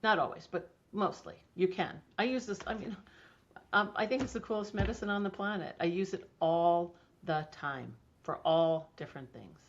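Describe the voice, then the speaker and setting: A woman's voice: on the low side, moderate pace, slight background noise. A middle-aged woman guest talking enthusiastically about homeopathy in a casual interview, chatty with many restarts. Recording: dull lo-fi audio.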